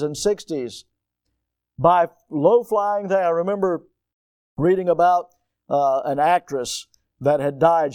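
An older man preaching a sermon as a pastor, dramatic and swinging from quiet, low lines to sudden loud, high cries for emphasis. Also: no room sound. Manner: dramatic, rising to near-shouts for emphasis.

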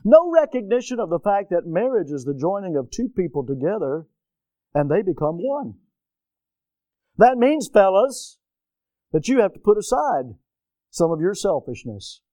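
A man's voice: high voice, very animated, moderate pace, long pauses, warm tone, no echo. A man preaching a sermon, stretching out key words for emphasis.

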